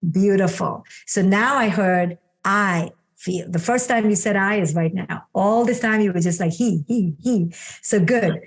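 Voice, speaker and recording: A middle-aged woman psychologist guiding a parent through a coaching exercise, calm and affirming, often answering with "beautiful". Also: mid-range voice, unhurried. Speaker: clinical psychologist and guest.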